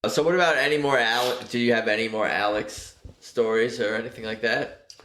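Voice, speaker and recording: A man's voice: medium pitch, steady tone, brisk, bright, forceful tone, slight background noise. A man hosting a podcast in casual interview chat. He drops short agreeing interjections and swears casually. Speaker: podcast host. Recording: roomy echo.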